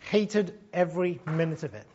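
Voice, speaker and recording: This university lecture comes from a man in his fifties from Gibraltar who used to work as a broadcast journalist; he's reflective and conversational, thinking aloud. His voice is on the high side, animated and a little mellow, at normal speed, with the highs cut off.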